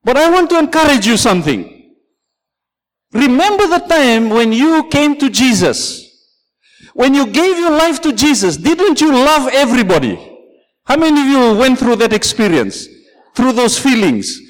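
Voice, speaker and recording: A man's voice: extremely high pitch, big pitch swings, normal speed, in a large hall, rough recording. A man preaching a sermon as pastor, telling a story and calling out "Amen" and "Praise the Lord" to his congregation.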